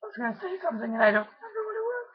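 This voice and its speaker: A young woman with laryngitis, her voice hoarse, squeaky and scratchy, pushing it to half-yelling and a little breathless as she chats casually in a video diary. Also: sing-song, rapid-fire, lo-fi sound. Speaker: vlogger.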